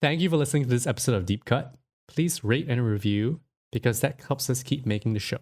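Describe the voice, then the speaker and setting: A podcast co-host chats casually about films, filling his talk with fillers and frequent laughs. His voice is medium-pitched with a darkish tone, and he speaks a little fast.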